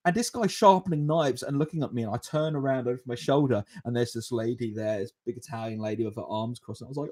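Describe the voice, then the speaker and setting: A man in his twenties hosting a podcast, telling a rambling story and answering viewer questions in a casual, animated way, with frequent chuckles. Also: medium pitch, moderate pace. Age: 20s. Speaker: podcast host.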